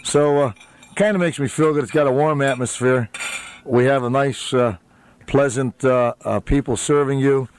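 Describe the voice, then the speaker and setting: A man's voice: medium pitch, normal speed, a little hiss or hum. Rambling male restaurant owner on radio. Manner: rambling, many uhs, warm laughs, restarts. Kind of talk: casual radio interview chat.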